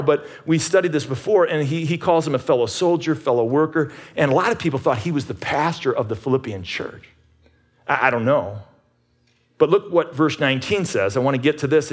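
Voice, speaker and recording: Husky, animated pastor preaching. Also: male voice, a little high. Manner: animated storytelling, rising to emphatic peaks. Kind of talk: sermon. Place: church sanctuary.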